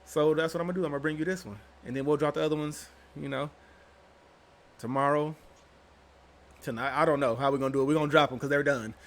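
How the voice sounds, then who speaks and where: A man's voice: fairly high pitch, fairly even intonation, fast, long pauses. A young man hosting his own channel, talking straight to his viewers in a slangy, rambling, casual way. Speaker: channel host. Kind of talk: casual vlog commentary.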